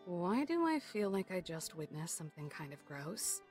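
A man's voice: sits high, sing-song, normal speed, darkish tone, soft background music. A man voicing a grumpy young woman park ranger with a dry, sardonic delivery.

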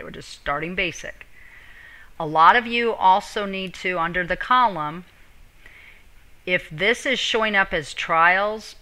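A woman's voice: on the low side, bright, forceful tone, low-quality recording. A teacher, a woman, giving a step-by-step screen-recorded tutorial and speaking directly to her students.

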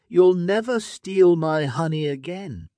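Storybook lion, male, cruel and proud; loud, lively delivery, dry close sound; man voices it. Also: high voice, slow pace, dry recording, voice pushed up. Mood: threatening. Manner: loud, threatening, storybook reading voice. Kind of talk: graded reader storytelling.

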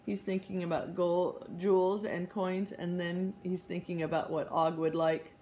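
A woman reading a children's chapter book aloud, pausing to show and explain the pictures. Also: on the low side, level tone, warm tone, slight background noise. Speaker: reader. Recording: roomy echo.

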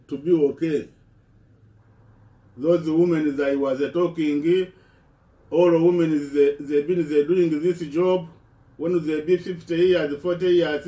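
Man, halting impassioned speech, mellow tone, distant echoey recording. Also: fairly high pitch. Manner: halting, repeats words and restarts.

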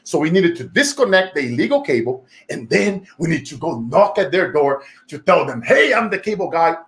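A Brazilian man with a fairly high voice tells a motivational story as host of his own show. He speaks with a Brazilian Portuguese accent, emphatic and lively, breaking into laughter often. His tone stays energetic throughout. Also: normal speed.

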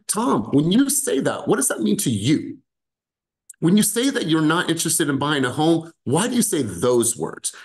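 Animated American male sales coach. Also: a little high, low-quality recording. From United States. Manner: animated, acts out tones of voice. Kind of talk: live team coaching session.

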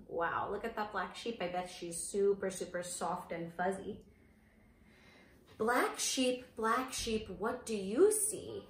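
A woman teacher reading a picture book aloud to young children in a slow, sing-song storytime voice, stopping to ask them questions. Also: mid-range voice, lively intonation, roomy sound. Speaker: preschool teacher.

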